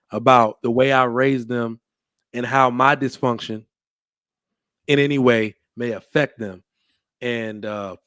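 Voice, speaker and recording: A man's voice: medium pitch, dry recording, clean studio sound. A man hosting a casual podcast chat, telling stories and acting out the people he quotes. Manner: animated storyteller, acts out quotes. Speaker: podcast host.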